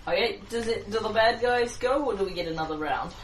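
A woman's voice: mid-range voice, animated, fairly quick. Woman, tabletop player, casual rules talk, echoey room, noisy distant recording. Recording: echoey room from far off, audible noise.

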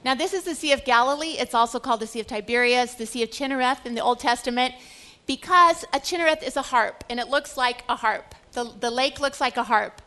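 Woman Bible teacher with a high voice, lecturing with expressive, dramatic storytelling. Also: fairly quick.

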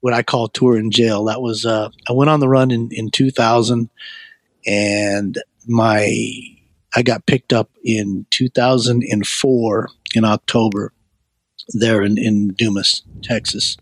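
A middle-aged man, a guest, telling his life story in a rambling, animated way, with many fillers and restarts. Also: unhurried, no room sound. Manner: animated, acts out quoted voices with a raised pitch. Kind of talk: personal storytelling.

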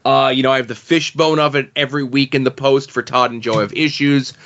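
A man hosting a podcast in casual chat, steady and relaxed as he hands things over. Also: medium pitch, brisk, highs cut off. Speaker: podcast host.

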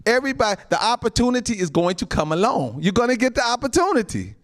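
This male pastor preaches fast with big pitch swings, dropping amens and chuckles frequently. He alternates soft, low asides with loud, high exclamations.

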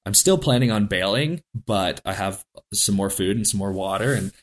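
A man's voice: lowish voice, animated, normal speed. A man, a guest on an interview show, telling a story in a casual, rambling way and laughing often. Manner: rambling, laughing, acts out quoted lines.

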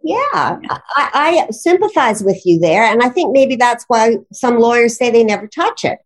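A woman's voice: a little high, animated, moderate pace. A woman who teaches writing and grammar, explaining rules with enthusiasm in a conversational interview, often laughing. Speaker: grammar and writing instructor, guest.

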